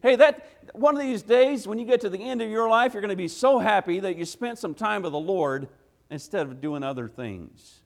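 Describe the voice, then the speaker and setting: His voice is high-pitched, gravelly, and expressive, moving fairly quickly as he preaches an evening sermon in a church sanctuary. Folksy and emphatic, he leans on "gotta" and "ain't," shoots off rhetorical questions, and punctuates points with "hey," all under a long church reverb.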